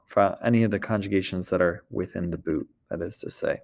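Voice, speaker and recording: A man's voice: sits low, steady tone, fairly quick, creaky, few pauses. A man teaching a recorded French lesson, explaining step by step and often checking in with the class.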